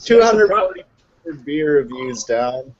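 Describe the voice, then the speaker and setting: A man's voice: fairly high pitch, big pitch swings, slow pace, a crowd in the background. A man who reviews beers, chatting in a laid-back, shrugging way on a webcam call. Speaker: beer reviewer. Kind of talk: casual group video chat. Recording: muffled lo-fi video call audio.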